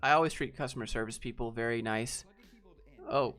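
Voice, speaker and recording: Young male streamer, casual storyteller, rambling and animated, faint music underneath. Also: mid-range voice, fairly quick. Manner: rambling, filler-heavy, animated anecdotes. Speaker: channel host.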